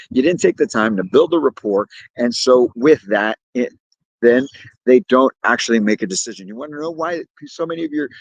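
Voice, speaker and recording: A man's voice: a little high, creaky, no echo, dull audio. A man giving motivational sales coaching, emphatic and repeating his key points. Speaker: sales trainer.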